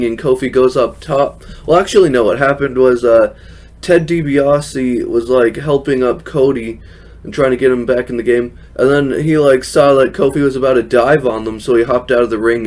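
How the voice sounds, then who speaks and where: A man's voice: medium pitch, a little mellow. Chatty man casually recapping a show. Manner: chatty, laughs often, frequent fillers. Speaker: wrestling recap host.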